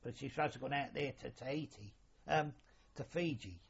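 Husky older man reminiscing. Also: medium pitch, brisk. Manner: rambling, colloquial, mild swearing. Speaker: interviewee, former royal yacht sailor. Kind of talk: casual reminiscing. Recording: lo-fi dull recording.

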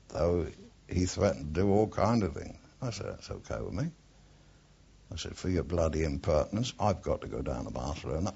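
An older Englishman with a low, dark, husky voice tells his old war stories bluntly, peppering them with swearing. He drifts off topic as he goes. The sound is dull and lo-fi, like an old archive tape. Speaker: interviewee, war veteran. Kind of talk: oral history reminiscence.

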